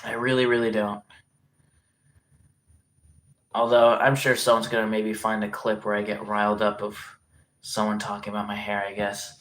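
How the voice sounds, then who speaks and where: On a live stream, a young male host delivers a fairly quick, monotone ramble in a fairly low, fairly bright voice. He leans heavily on fillers, swears now and then, and has a regional accent from an unnamed area.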